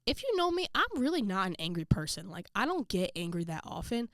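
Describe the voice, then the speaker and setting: Young woman rambling thru a story, slangy and animated, dry close sound, no room at all. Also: medium pitch, no room sound. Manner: animated, slangy, quick asides and quoted voices. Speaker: vlogger. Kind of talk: casual storytelling to camera.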